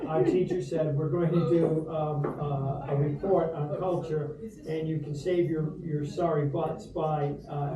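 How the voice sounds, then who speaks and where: A middle-aged man from Rhode Island giving a humorous, rambling toast to dinner guests in a restaurant, with lots of ums. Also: a little high. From Rhode Island, USA. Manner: humorous anecdotal storyteller, many fillers. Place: restaurant dining room. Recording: roomy echo from far off, background noise.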